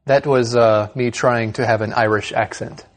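A man's voice: fairly low pitch, flat delivery, moderate pace. Upbeat male English-lesson co-host. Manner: explaining, upbeat teacher tone. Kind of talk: scripted educational chat.

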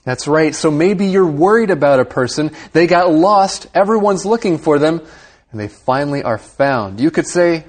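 A man's voice: fairly high pitch, normal speed. Man co-hosting an English lesson. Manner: explanatory, reads quotes aloud. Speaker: radio English lesson co-host. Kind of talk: explaining a reading passage.

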